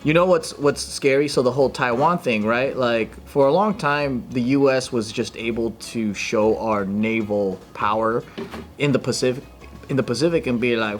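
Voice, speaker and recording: A man's voice: mid-range voice, moderate pace. A man co-hosting a comedy news podcast, joking loosely, swearing and riffing. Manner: jokey, swears freely, slips into mock voices. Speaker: podcast co-host. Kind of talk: casual comedic banter.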